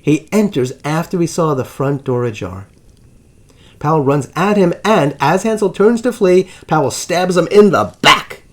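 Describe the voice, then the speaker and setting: A man narrating a dramatic history story as the host of his channel, with big swings in pitch and loudness. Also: lively intonation, unhurried.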